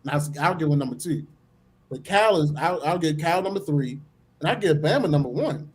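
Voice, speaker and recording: A man's voice: fairly high pitch, expressive, normal speed, low-quality recording. A man co-hosting a live stream, chatting playfully about football with slangy, emphatic remarks. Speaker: podcast co-host. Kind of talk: casual live-stream sports chat.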